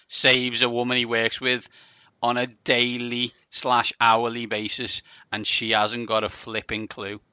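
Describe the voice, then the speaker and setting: A man's voice: mid-range voice, completely flat delivery, a little slow, bright, forceful tone, clear, resonant tone, no room sound. A man hosting a casual podcast, joking and laughing as he reads odd news stories aloud. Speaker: podcast host.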